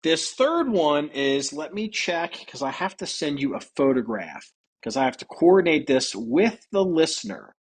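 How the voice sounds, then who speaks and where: A man's voice: fairly high pitch, big pitch swings, normal speed, breathy edge. A man hosting a casual podcast, reading odd news stories aloud and laughing and joking about them. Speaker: podcast host.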